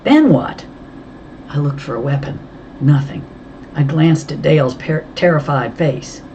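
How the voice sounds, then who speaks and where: A woman reading a first-person novel aloud, in an even, tense storytelling manner. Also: low-pitched, unhurried, dull audio, slight background noise. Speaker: audiobook reader.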